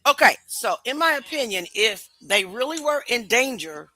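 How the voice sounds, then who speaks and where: A woman hosts a live stream with a bright voice. She talks skeptically, puts questions to her viewers and reads their comments aloud. Faint music plays behind her. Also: on the high side, sing-song, normal speed, few pauses, low-quality recording. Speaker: host.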